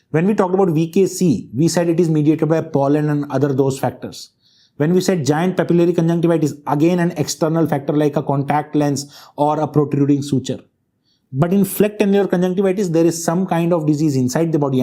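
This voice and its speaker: A man's voice: on the high side, warm tone. A man giving a medical lecture, stressing key terms and often checking in with his students. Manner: emphatic, keeps checking in with the class. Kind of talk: classroom lecture.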